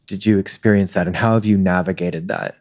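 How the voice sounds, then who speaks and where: A male interview host with a somewhat low voice. He asks long, earnest, meandering questions and leads the guest gently into her story. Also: fairly even intonation, a little fast.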